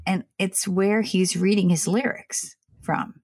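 A woman's voice: mid-range voice, fairly even intonation, slow pace, darkish tone. A woman co-hosting a casual chat, opinionated and apologetic, rambling with restarts and asides. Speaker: podcast co-host.

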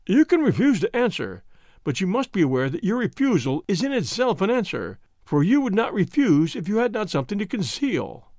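A man's voice: high voice, big pitch swings, a little fast, darkish tone, dry recording, studio quality, voice pushed up. A man reading an audiobook, voicing a stern police inspector who questions in an insistent, formal way. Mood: probing.

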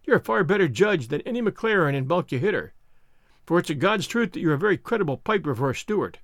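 A man doing a cocky Highland piper. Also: expressive, fast, fairly bright tone, no room sound, clean studio sound, full character voice. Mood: taunting. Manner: cool, cutting, self-assured. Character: bold, boastful Highland piper, cool and confident. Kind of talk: reading a novel aloud.

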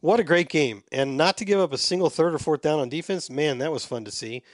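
A man's voice: a little high, a little fast, no echo, studio quality. A man hosting a casual sports podcast, chatting and reading listener emails aloud in a self-deprecating way.

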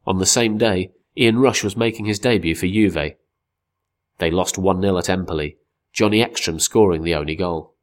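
A man reading a football magazine article aloud as scripted narration, with a measured, wry storytelling delivery. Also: sits low.

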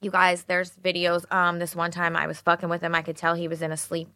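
Bright-toned woman telling profane stories. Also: on the low side, fairly quick, dry recording, clean studio sound. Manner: profane, animated storyteller. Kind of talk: casual chat.

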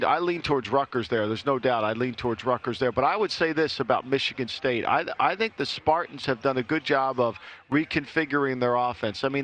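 Male betting analyst, mid-pitched, hedges his picks and stumbles into sentences. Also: a bit bright. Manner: hedging, repeats words when starting thoughts. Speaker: college football betting analyst. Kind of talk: sports betting talk show chat.

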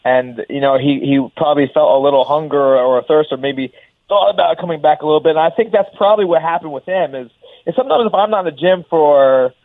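A young professional fighter talking loosely as a guest on a radio show, rambling with lots of "like". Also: male voice, on the high side, fast, dry recording. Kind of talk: casual radio interview. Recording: tinny phone line.

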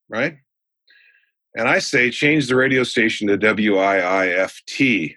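A man in his sixties, a sales trainer guest in an interview, telling stories in an animated way. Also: lowish voice, moderate pace, dry recording. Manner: animated storyteller. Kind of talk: storytelling in a podcast interview.

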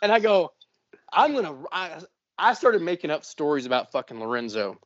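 Guy co-hosting a podcast, swears every other word, acts out the quotes, kinda high voice, dry dull sound. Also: moderate pace, no echo. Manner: profane, animated, acts out quotes. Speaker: podcast co-host. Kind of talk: casual storytelling chat.

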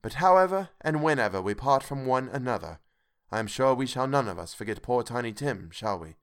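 A man reading an audiobook, voicing a gentle, earnest working father who speaks with tender emotion. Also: mid-range voice, expressive, brisk, clear, resonant tone, natural voice. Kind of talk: audiobook character voice.

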